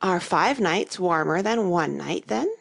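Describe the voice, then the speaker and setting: A woman reading the part of a polite, earnest young girl who answers gravely in a fairy-tale audiobook. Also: fairly low pitch, lively intonation, unhurried, full character voice.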